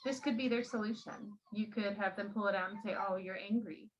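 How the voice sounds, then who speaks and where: A woman of ordinary pitch leads a classroom demonstration for other teachers. She talks patiently and gently, steadying a child beside her as she explains. The sound is a little muffled and lo-fi. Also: huge pitch swings, brisk, heavy background noise. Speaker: teacher trainer.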